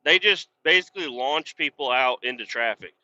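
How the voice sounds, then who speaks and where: Blunt, foul-mouthed man with a sharp, forceful voice, ranting from a truck cab, muffled lo-fi sound. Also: medium pitch, moderate pace. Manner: profane, blunt, exasperated ranting. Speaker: podcast host and truck driver. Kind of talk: rambling casual storytelling. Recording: dull lo-fi sound.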